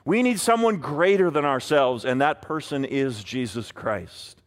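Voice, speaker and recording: A man's voice: mid-range voice, expressive, measured pace. A man preaching a sermon as pastor, earnestly voicing pleading prayers.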